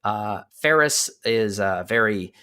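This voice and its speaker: Brief: podcast host, man, casual chat, lively quoted character voices. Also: on the low side, takes it slowly, clear, resonant tone. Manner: recapping a story with playful quoted voices. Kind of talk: casual game discussion.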